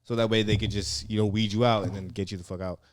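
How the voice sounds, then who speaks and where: A man's voice: fairly low pitch, fairly even intonation, fast. A young man, a comedian and former recruit, telling rambling stories in a casual interview, full of "like" and cursing. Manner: rambling, profane, heavy on "like" and "yeah". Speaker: comedian and former Marine recruit, podcast guest.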